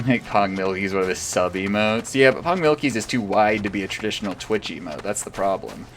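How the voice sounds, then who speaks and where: A man's voice: lowish voice, expressive, fairly quick, soft background music. Laid-back male streamer mumbling asides. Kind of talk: casual live-stream gameplay commentary.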